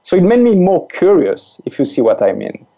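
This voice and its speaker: A man's voice: high-pitched, huge pitch swings, moderate pace, dark tone. A man in his forties with a French accent, a guest chatting casually and often repeating words as he searches for them. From France. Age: 40s. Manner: repeats words, laughs as he talks. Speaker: podcast guest, life coach. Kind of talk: casual conversation. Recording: dull lo-fi audio.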